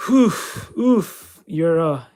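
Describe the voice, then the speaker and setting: A man's voice: on the high side, animated, very slow, warm tone. A man giving casual, self-mocking commentary while he plays a flight simulator game. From California. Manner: chatty, self-mocking, talks to himself while playing. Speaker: channel host.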